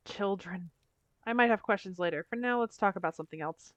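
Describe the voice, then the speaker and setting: A woman's voice: mid-range voice, fairly quick, no echo, muffled recording. A woman streamer reading game dialogue aloud in a dry, wry way.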